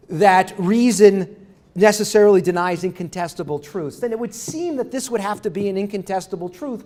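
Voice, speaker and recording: A male professor giving a lecture in a conversational, halting way, with frequent restarts and rhetorical questions to the audience. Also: high-pitched, a little mellow. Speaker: university professor, guest lecturer. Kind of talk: academic lecture.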